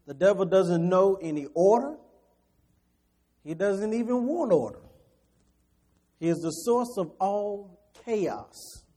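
A man preaching a sermon. He moves between quiet scripture reading and loud, quick preaching, with chuckles as he addresses the congregation. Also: sits high. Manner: chuckles between points and talks straight to the congregation.

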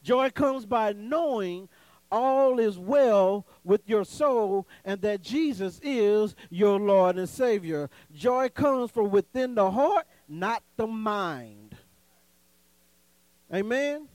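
A man with a high voice preaches in a call-and-response style, rising to loud, emphatic peaks and dropping to low, conversational asides. The sound is close and dry. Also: animated, takes it slowly, no room sound, low-quality recording. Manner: call-and-response preaching, dramatic swings in pitch and volume; folksy, conversational asides with laughter. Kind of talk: sermon.

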